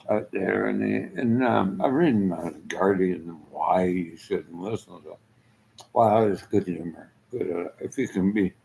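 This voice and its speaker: A man's voice: low-pitched, gravelly, darkish tone, slight background noise, rough recording. A man giving a rambling casual monologue, trailing off mid-thought and chuckling often.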